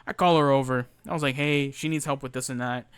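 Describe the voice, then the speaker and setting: A man's voice: mid-range voice, steady tone, fast, fairly bright tone, smooth, dry recording. A young man ranting casually about his old retail job, swearing often and restarting his sentences. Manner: profane, ranting, frequent fillers and restarts. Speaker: former retail worker telling stories. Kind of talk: casual storytelling rant.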